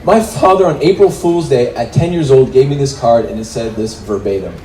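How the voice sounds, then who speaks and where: A man's voice: medium pitch, brisk. A man in his twenties performing a stand-up comedy set on a club stage, acting out the voices in his stories. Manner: animated, acts out voices in quotes. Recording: roomy club with faint noise.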